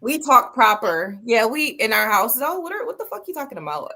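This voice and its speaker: American woman, podcast co-host: bright, forward tone; loose, joking, profane banter. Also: on the high side, very animated, brisk. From United States. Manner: playful, profane, teasing banter. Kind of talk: casual chat.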